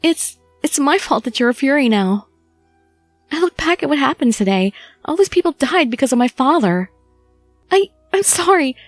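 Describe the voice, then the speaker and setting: Woman playing a gentle, earnest young heroine. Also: high voice, animated, moderate pace, no room sound, faint music behind, voice pushed up. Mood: pleading, tender. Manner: pleading, tender.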